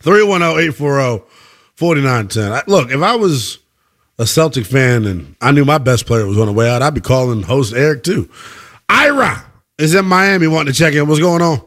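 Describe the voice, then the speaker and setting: A man's voice: on the high side, animated, normal speed, a bit bright. A male sports radio host taking calls, bantering in a casual, slangy way.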